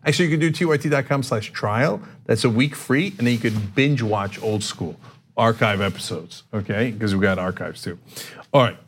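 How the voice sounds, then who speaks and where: A man's voice: on the low side, moderate pace, a little hiss or hum. A man hosting a show, telling comic stories in casual chat, laughing often and acting out the people he quotes. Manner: animated storyteller, laughs often, acts out quotes. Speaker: show host.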